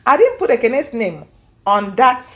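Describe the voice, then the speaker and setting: A woman's voice: on the high side, unhurried. A woman telling a personal story with feeling, repeating herself for emphasis and acting out what people said. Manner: animated, acts out quoted speech, repeats herself for emphasis. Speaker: guest recounting a personal story. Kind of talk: emotional storytelling.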